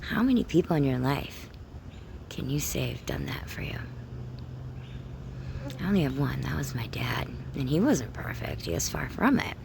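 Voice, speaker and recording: A woman with a rumbling low, gravelly, expressive voice speaks at a moderate pace with long pauses, background noise audible. She's a spiritual content creator giving an intimate, emotional talk to camera outdoors, often dropping to a whisper.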